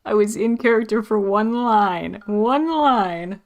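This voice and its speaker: A woman's voice: mid-range voice, lively intonation, slow. A woman streaming a game, chatting casually, giggling and jittery as she gets set up. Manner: giggly and jittery, laughs between lines. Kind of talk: casual livestream chat.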